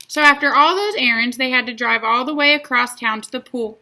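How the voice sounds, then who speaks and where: A woman reading a children's chapter book aloud, drawing out the words in an expressive storytelling way. Her voice is bright and fairly high, with a gravelly fry at the ends of lines. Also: a little fast. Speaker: reader.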